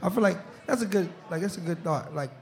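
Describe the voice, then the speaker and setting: A man's voice: sits high, animated, fast. A young man, a football player on a live talk show, chatting casually and laughing often. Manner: laid-back, laughs often, says "you know what I'm saying". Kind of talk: casual chat. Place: bar or restaurant with live show.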